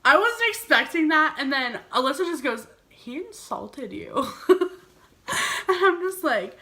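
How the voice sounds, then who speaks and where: A woman's voice: sits high, lively intonation, normal speed, bright, forceful tone. A young woman vlogger telling a storytime, chatty and giggly, saying "like" all the time. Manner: chatty, heavy use of "like", giggly. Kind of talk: storytime vlog.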